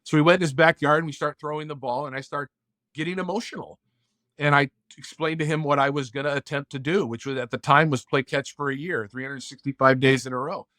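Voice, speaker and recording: A man's voice: on the high side, fairly even intonation, brisk, pushed and bright, dry recording, clean studio sound. A man as a podcast guest, telling a personal story in an earnest, heartfelt way and acting out bits of dialogue. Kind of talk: casual interview storytelling.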